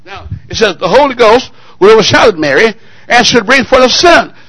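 A married man preaching a sermon, firing call-and-response questions at the congregation and swinging between loud exclamations and quiet asides. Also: high-pitched, lively intonation, fairly quick, dry recording, low-quality recording. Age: adult, married.

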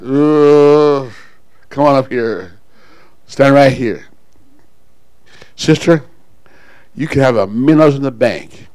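With an animated delivery, a pastor preaches to his church, inviting people to the front and leaving pauses for call-and-response. His mid-range voice is a little mellow, recorded without echo but in poor audio.

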